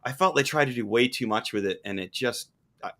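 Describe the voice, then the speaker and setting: A man's voice: medium pitch, brisk. A man hosting a podcast, chatting with enthusiasm like an eager fan. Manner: enthusiastic, animated fan talk. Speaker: podcast host. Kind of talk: casual podcast chat.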